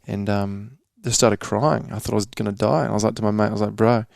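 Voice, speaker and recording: A man's voice: lowish voice, little pitch movement, fast, gravelly, darkish tone, no room sound, clean studio sound. A young man from New Zealand telling a candid personal story on a casual podcast, slangy and swearing, calling the host bro. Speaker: podcast guest.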